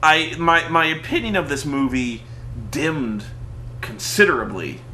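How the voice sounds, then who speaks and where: A man with a bright, forceful, slightly high voice giving a rambling film review. He stumbles over his words and keeps slipping into quoted lines. The room has a faint hum in the background. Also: measured pace, roomy sound. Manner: animated, stammering, acts out quotes. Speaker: movie reviewer. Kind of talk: casual review chat.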